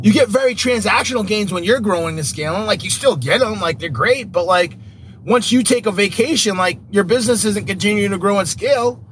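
A man's voice: high voice, fairly quick, a little hiss or hum. A man hosting a podcast, talking animatedly in a casual, rambling way, full of fillers and rhetorical "right?" checks. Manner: animated, repetitive, lots of "like" and "right?". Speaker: podcast host. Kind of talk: casual solo podcast talk.

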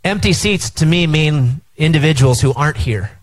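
A man's voice: on the high side, normal speed, poor audio. A middle-aged man preaching a sermon as pastor, engaging the crowd with call-and-response at an outdoor tent service.

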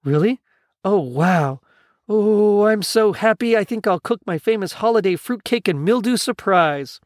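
A man voicing an eccentric, excitable male Muppet who talks earnestly and stammers when cold. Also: on the high side, moderate pace, husky, dry recording, studio quality. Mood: excited.

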